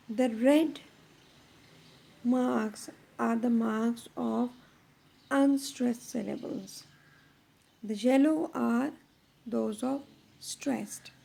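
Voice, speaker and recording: A woman teacher giving a measured explanatory lecture on poetry, pausing often between phrases. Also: a little high, vocal fry, darkish tone, breathy edge.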